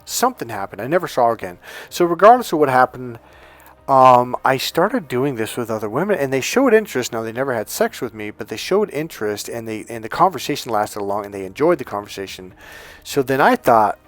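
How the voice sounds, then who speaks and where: Middle-aged male dating coach, mid-pitched voice, crude and lively delivery, dry close sound with faint music underneath. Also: a little fast, no room sound. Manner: profane, animated, laughs while telling. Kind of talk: casual storytelling monologue.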